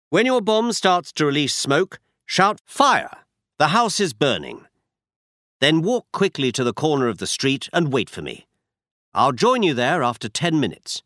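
A man voicing a shrewd, confident male detective who lays out his schemes in crisp, commanding explanations. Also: medium pitch, a bit bright, no echo, clean studio sound. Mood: plotting.

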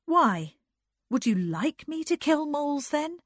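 A woman's voice: medium pitch, sing-song, unhurried, breathy edge, dry recording, studio quality, voice pushed up. A woman reading a story aloud, voicing a proud young woman who speaks coolly and guardedly.

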